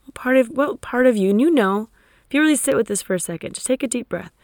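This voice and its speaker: An energetic woman speaks as a coach, urging listeners on with emphatic, casually sweary talk. Her voice sits on the higher side. The sound is dry and close, with no room echo. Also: fast talker. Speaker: coach and podcast host. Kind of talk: motivational solo talk.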